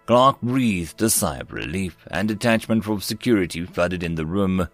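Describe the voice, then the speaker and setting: Male narrator of sci-fi stories, low and animated, soft music bed. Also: moderate pace. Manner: expressive, varied storytelling. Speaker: story narrator. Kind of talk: scripted narration of science fiction stories.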